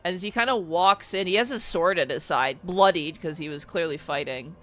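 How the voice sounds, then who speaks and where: A man narrating as dungeon master in a tabletop game, telling the story in an animated way and giving the characters voices. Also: fairly high pitch, fairly quick.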